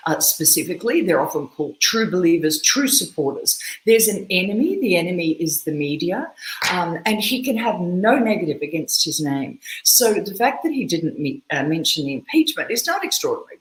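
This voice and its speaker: A woman communication analyst explaining a speech to camera in an animated, emphatic way, pausing for effect, with an Australian accent. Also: fairly low pitch. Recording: echoey room.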